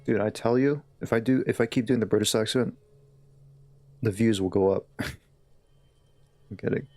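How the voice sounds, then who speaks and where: A man's voice: lowish voice, measured pace, a little mellow. A man live-streaming a game, chatting in a laid-back, easygoing way with his viewers. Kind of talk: casual live-stream chat.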